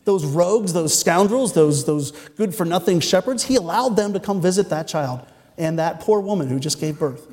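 Casting: male preacher, a touch high-voiced, earnest storyteller with quips, reverberant church room. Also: lively intonation, moderate pace, darkish tone. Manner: earnest, storytelling, with joking asides. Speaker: pastor. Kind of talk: sermon. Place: church sanctuary. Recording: long church-hall reverb.

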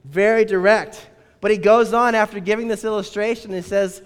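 Guy preaching a sermon, kinda high voice, chatty and wry, big echoey church. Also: steady tone, normal speed, clean tone. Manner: conversational, wry, uses rhetorical questions. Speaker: pastor. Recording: reverberant hall.

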